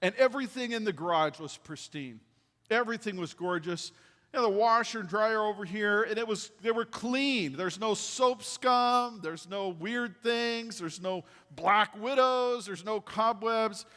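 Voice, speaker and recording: A man delivering a storytelling sermon with a slightly raised pitch. His voice carries a long reverb in a church hall. He is animated and drops to a hush when quoting others. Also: measured pace. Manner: animated, drops to a hushed voice for quoted lines. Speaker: pastor. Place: church sanctuary.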